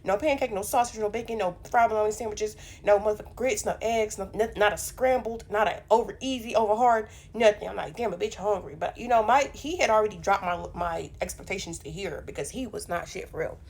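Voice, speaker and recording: A young woman telling a funny personal story in a casual storytime vlog, animated and profane, with punchy delivery. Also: medium pitch, a little fast, hardly any pauses, husky. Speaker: storyteller vlogger.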